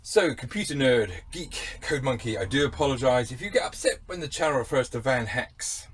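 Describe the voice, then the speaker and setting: A man's voice: medium pitch, animated, a little fast, slight background noise. A middle-aged Englishman with an English accent, hosting a campervan channel in a wry, self-mocking, rambling monologue. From England.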